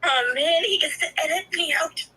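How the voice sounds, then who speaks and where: A woman's voice: very high voice, moderate pace, sharp tone, poor audio. A young woman co-hosting, dropping dry, teasing quips in casual banter. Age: young adult. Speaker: co-host.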